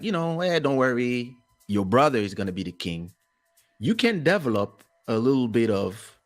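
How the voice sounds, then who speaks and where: A man telling a story in a casual talk-show chat, animated and acting out the people he quotes. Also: mid-range voice. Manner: animated, acts out quotes, laughs as he tells.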